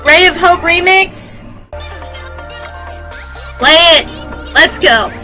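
High, bright-voiced gushing woman. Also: drawn-out words. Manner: gushing, excitable exclamations. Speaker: video game reaction channel host. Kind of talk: casual reaction commentary. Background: game music.

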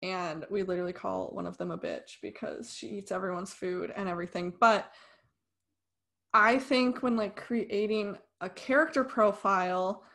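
A young woman talks through a film review on a podcast, and her talk is chatty and opinionated. Her voice sits at an ordinary middle pitch. She drops into dry sarcasm now and then. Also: normal speed, vocal fry. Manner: animated, opinionated, sarcastic asides. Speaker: podcast co-host. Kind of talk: casual film review chat.

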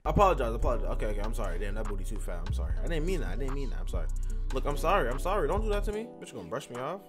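Animated, joking man narrating a game. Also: medium pitch, racing, over music. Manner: animated, joking, profane, talks to the game characters. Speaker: gaming channel host. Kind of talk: casual let's-play commentary.

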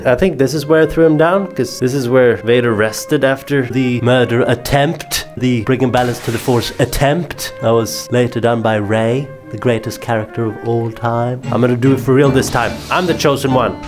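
Excitable young man joking through gameplay. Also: medium pitch, moderate pace, few pauses, over music. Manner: jokey, excitable, swears. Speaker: gaming YouTuber. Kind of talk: comedic VR gameplay commentary.

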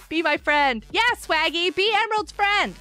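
A woman live-streaming a block-building game, excitedly chatting with viewers and cheering players on. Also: very high voice. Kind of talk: live Minecraft stream chat.

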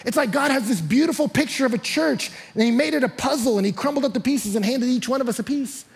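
Husky, high-voiced pastor preaching. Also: male voice, fast talker. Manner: energetic storyteller acting out quotes, rising loud and high in excitement; repeats words when starting sentences. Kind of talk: sermon. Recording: live church sanctuary.

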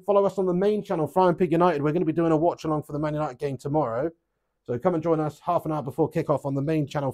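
High-voiced swearing streamer. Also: male voice. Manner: swears freely, rambling and animated. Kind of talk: casual live-stream chat.

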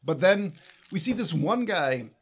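A man's voice: high voice, animated, unhurried, breathy edge. A man co-hosting a podcast, retelling a movie plot in casual chat and laughing often. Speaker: podcast co-host.

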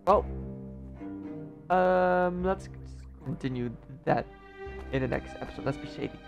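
Gravelly young man playing a game. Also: on the high side, unhurried. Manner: rambling, joking to himself. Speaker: gameplay streamer. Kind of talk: casual gameplay commentary. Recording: game music playing behind.

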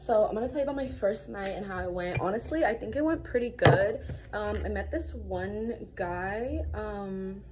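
A woman's voice: mid-range voice, moderate pace. Young woman vlogging, chatty and casual, phone mic with noise behind. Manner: chatty, talks straight to camera, drops into whispers. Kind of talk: casual vlog chat. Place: home and club dressing room.

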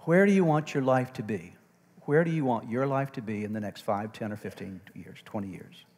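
A male pastor preaching a sermon. He engages the congregation with call-and-response checks and swings from loud, emphatic preaching to quiet asides. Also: medium pitch, animated, fairly quick. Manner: call-and-response, frequent "amen?" and "okay?" checks. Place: church sanctuary. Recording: long reverb of a large church hall.

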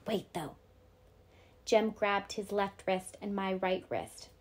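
A woman teacher reading a novel aloud to her class, steady and clear. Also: mid-range voice, slow.

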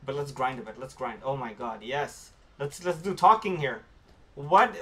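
A man streaming a video game, talking casually to his viewers and reacting excitedly as he plays. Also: medium pitch, normal speed. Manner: excitable, talks to viewers while playing. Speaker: gaming streamer. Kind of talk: casual let's-play commentary.

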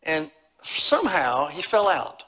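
Middle-aged preacher guy at a church revival, higher voice, bright and punchy, goes loud then drops soft. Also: very animated, takes it slowly, slightly rough. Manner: emphatic, swinging from loud exclamations to hushed appeals. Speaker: evangelist preacher. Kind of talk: revival sermon. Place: church sanctuary.

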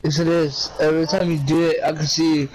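Man, somewhat high voice, mocking and repetitive in voice chat. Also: little pitch movement, fast, heavy background noise. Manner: taunting, repetitive. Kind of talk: online game voice chat.

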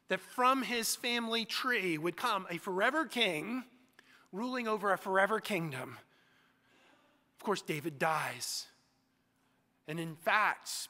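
A man's voice: high-pitched, bright, forceful tone. A man preaching a sermon as pastor, emphatic, with repeated phrases that build. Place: church sanctuary. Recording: echoey church sanctuary.

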